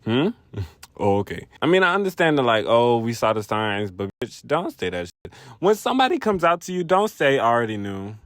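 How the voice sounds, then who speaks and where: Young man, casual vlog, animated rambling, dry close sound. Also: mid-range voice, normal speed, no echo. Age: young adult. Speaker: vlogger.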